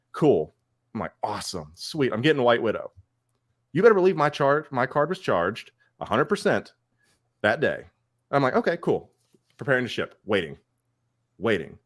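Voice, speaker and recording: Animated male podcast co-host. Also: mid-range voice, normal speed, pauses often. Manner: animated storytelling, acts out quoted exchanges. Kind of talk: casual chat. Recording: online call.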